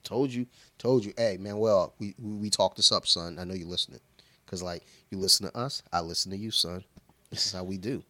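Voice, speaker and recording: Bright-voiced low man, easygoing podcast banter. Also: steady tone, brisk. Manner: laid-back, swears freely, quotes his daughter in voices. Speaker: podcast co-host. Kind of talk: casual chat over beer.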